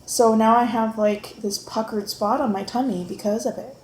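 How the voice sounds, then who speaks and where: A motherly woman with a fairly high voice, encouraging and gently coaxing as she chats at home. The room rings with echo, and a faint hum of noise sits under her voice. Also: steady tone, moderate pace. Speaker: mother homeschooling her son. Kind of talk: casual family chat. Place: home, at the breakfast table.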